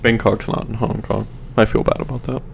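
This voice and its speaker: A man's voice: fairly low pitch, level tone, fairly quick, vocal fry, a little hiss or hum. A man co-hosting a casual podcast, chiming in with goofy questions and jokes. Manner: goofy, interjects with jokey questions. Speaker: podcast co-host. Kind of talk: casual chat.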